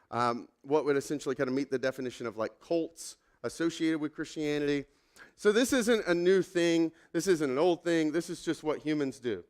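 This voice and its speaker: A man in his thirties delivers a sermon in a loose, conversational way. He pokes fun at himself and leans on fillers and asides. His voice sits slightly high for a man. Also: smooth. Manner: conversational, self-deprecating storytelling with many fillers. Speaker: pastor.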